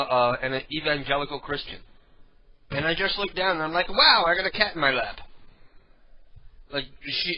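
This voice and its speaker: A male host talks loosely and irreverently to his online chat, rambling in a relaxed way. His voice sits fairly high. The recording is dull and lo-fi. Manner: rambling, irreverent, low-key. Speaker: radio show host. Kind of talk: casual late-night talk to chat room.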